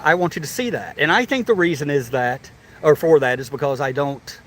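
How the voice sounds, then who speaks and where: Man, slightly high voice, chatty and laughing, a bit winded, outdoors with faint background noise. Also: a bit bright. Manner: chatty, laughing, repeats himself. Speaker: vlogger touring a zoo. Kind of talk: casual live-stream chat. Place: outdoors at a zoo.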